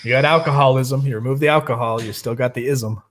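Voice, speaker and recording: A man's voice: mid-range voice, fairly even intonation, fast talker, fairly bright tone, a little hiss or hum. A man hosting a recovery channel, responding in a casual, affirming and reflective way. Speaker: channel host. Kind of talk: casual chat.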